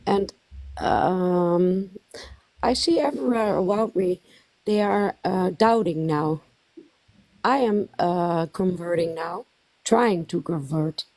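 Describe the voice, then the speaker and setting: A woman from the Netherlands with a strong Dutch accent, calling in to tell her family story, speaking haltingly with many pauses and fillers. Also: fairly low pitch, darkish tone, no echo. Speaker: caller.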